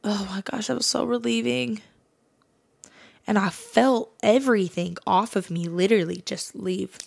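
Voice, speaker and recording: A woman's voice: medium pitch, fairly even intonation, unhurried, gravelly, a little mellow. A woman hosting a podcast, sharing a personal faith testimony in a casual, earnest way, often saying "like". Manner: casual, earnest, fills speech with "like". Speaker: podcast host.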